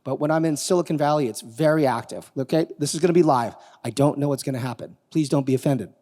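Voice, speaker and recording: A man giving a live conference talk, animated and quizzing the audience as he demos technology. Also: on the high side, fast talker. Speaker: conference speaker. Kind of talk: live keynote talk with demo. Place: conference hall on stage. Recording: long reverb of a large hall.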